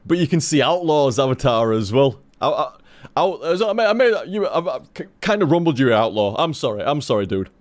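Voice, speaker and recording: Rambling man with a lively pitch. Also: brisk. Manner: rambling, swears casually, stumbles and restarts. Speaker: game streamer. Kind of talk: casual stream chat.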